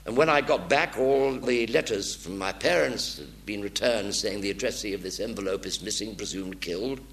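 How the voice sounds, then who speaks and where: An older man giving a lively storytelling talk to an audience in a theatre. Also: on the low side, normal speed, creaky, slight background noise. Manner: animated anecdotal delivery, voice swings from hushed to loud. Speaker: war veteran speaker. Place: theatre stage.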